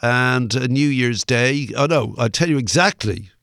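A man's voice: medium pitch, a little slow, a bit bright, no room sound, clean studio sound. An older Irish man, a musician guest, telling a long anecdote in a rambling way, full of fillers and the odd swear word. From Ireland. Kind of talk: anecdotal interview storytelling.

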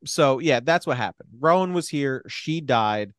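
A man's voice: a little high, normal speed, hardly any pauses, fairly bright tone, clear, resonant tone, dry recording, studio quality. A young man in casual chat, animatedly retelling a film's plot, acting out the characters' lines, swearing and laughing. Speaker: podcast co-host recapping a film.

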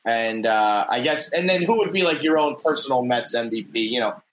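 A man's voice: mid-range voice, lively intonation, normal speed, fairly bright tone, slight background noise, poor audio. A middle-aged man co-hosting a casual sports podcast, rambling with restarts and easy laughter. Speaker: podcast co-host.

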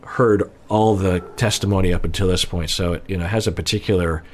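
A man, a relationship counselor, giving measured, analytical reaction commentary. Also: low voice, fairly even intonation, very noisy.

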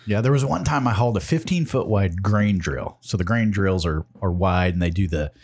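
A man's voice: low voice, fairly quick, darkish tone, breathy edge. A man in his forties casually telling profane stories about his working life. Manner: profane, laid-back storyteller. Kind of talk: casual storytelling.

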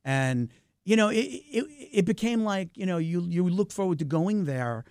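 Gravelly, animated man on a dry mic. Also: normal speed, no echo. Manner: animated, talkative, wide pitch swings. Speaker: filmmaker, guest. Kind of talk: casual interview talk.

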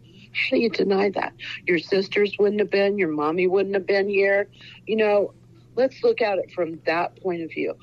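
A woman's voice: medium pitch, normal speed. Earnest woman in her sixties, dull sound. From Ohio, USA. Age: 60s. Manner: earnest, rambling with many fillers. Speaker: author guest. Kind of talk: casual interview.

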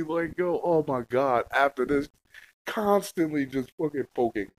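A young man hosting his own casual solo podcast, rambling in heavy slang and profanity with lots of fillers, and getting loud and high when a story heats up. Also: measured pace, slight background noise, rough recording. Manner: gets loud and high-pitched when telling a heated story. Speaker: podcast host.

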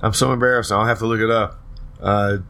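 A man's voice: lowish voice, flat delivery, a little fast, pushed and bright. A man hosting a talk show, talking casually and rambling, with frequent restarts and hesitations. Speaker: radio talk host.

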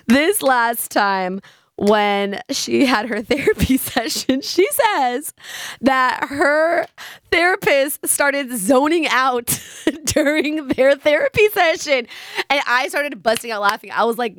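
A young woman talks in a chatty, easy vlog style and slips into quoted voices as she retells a friend's story. Her voice sits in an ordinary middle pitch. The sound is close and dry, with no room around it. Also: a bit bright, smooth, dry recording. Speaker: vlogger. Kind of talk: casual storytelling.

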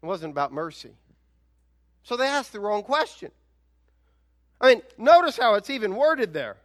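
High-voiced man preaching a lively sermon. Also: normal speed, long pauses. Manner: animated, conversational preaching with emphatic rhetorical questions. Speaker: pastor.

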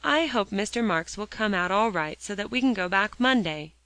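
A woman voicing an anxious, gentle boy who speaks hopefully. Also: mid-range voice, lively intonation, normal speed, dry recording.

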